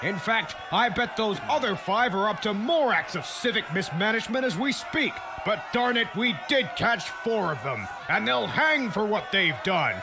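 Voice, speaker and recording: Brief: man as loud, bombastic comedy mayor, high, swooping delivery. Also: expressive, moderate pace, creaky, hardly any pauses, background noise. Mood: blustering. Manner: bombastic speech-making, shouting to a crowd. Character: blustering small-town mayor rallying a mob. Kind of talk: comedic fan-dub voice acting.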